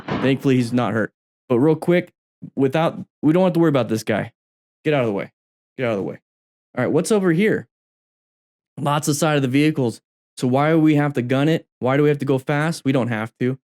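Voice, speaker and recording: A man's voice: medium pitch, a little fast, a little mellow. Chatty man commenting on riding videos. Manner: chatty, repeats phrases for emphasis. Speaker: motorcycle riding instructor.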